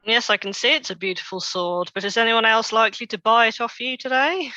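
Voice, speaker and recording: A woman playing a tabletop game, asking questions in character in a playful, quick-laughing way. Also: on the high side, bright, forceful tone, no room sound, lo-fi sound. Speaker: player.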